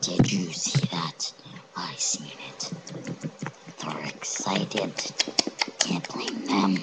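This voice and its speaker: A young man with a very deep voice riffs over a game in a slow, goofy, mock-dramatic way. He slides into whispers and then swings back up with lively pitch. The recording carries clear background noise. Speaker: gamer recording a video. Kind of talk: goofy casual game commentary.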